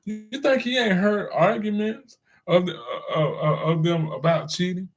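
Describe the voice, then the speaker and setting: A man talks straight to his audience in a loose, slangy rant. His voice sits a little high for a man. He drifts between asides and chuckles at his own jokes. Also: normal speed, faint music behind. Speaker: commentator hosting his own channel. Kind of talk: casual commentary rant.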